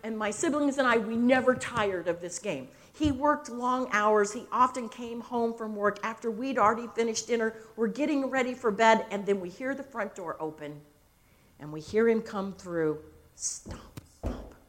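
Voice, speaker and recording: An older woman minister giving a sermon, telling stories slowly and expressively with dramatic pauses. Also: on the high side.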